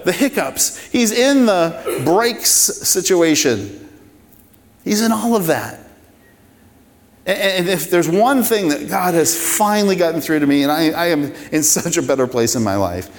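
Man preaching in a reverberant hall. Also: fairly high pitch. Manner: conversational, emphatic preaching with repeated phrases. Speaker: pastor. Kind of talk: sermon. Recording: long reverb of a large hall.

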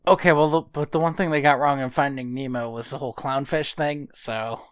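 A woman's voice: extremely low pitch, fairly even intonation, brisk, clear, resonant tone. A woman co-hosting a podcast in casual chat, dryly funny and exasperated, swearing casually. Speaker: podcast co-host.

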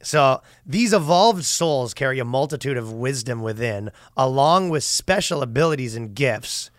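A man's voice: mid-range voice, lively intonation, normal speed, dry recording, studio quality. A man co-hosting a comedy podcast, chatting casually and reading quotes in mocking voices. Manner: reads quotes aloud in mocking voices, laughs often. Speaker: podcast co-host.

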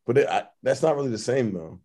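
A man co-hosts a podcast in casual chat, talking fast with lively intonation in a warm, medium-pitched voice. He rambles through his point, full of slang, fillers, and restarts.

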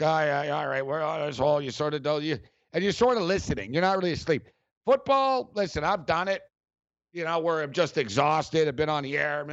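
A man's voice: on the high side, fairly bright tone, no room sound, highs cut off. A middle-aged man hosting sports talk radio, telling stories in a loose, rambling way with frequent laughs. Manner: rambling, storytelling, laughs often.

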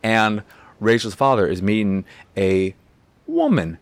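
A man's voice: on the low side, big pitch swings, measured pace, dry recording. Profane, sarcastic young man ranting. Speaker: game reviewer. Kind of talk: casual ranting review.

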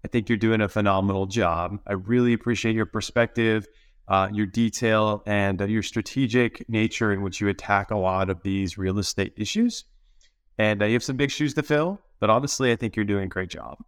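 A man's voice: fairly low pitch, fairly even intonation, moderate pace, clear, resonant tone, no room sound, studio quality. A man from Washington State sending in a recorded video question, earnest and polite, with frequent uh fillers. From Washington State, USA. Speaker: listener asking a question.

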